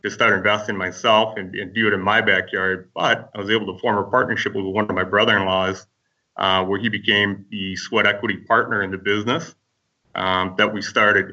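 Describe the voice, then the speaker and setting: A man from Minnesota, a podcast guest, telling his story in a relaxed, rambling way with lots of fillers. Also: fairly low pitch, brisk, recorded from a distance, highs cut off.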